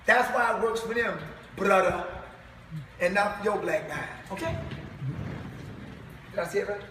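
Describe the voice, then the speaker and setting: A man's voice: high voice, unhurried, noisy background. A man preaching to a live congregation, emphatic and firing rhetorical questions at the crowd. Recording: echoey hall, far from mic.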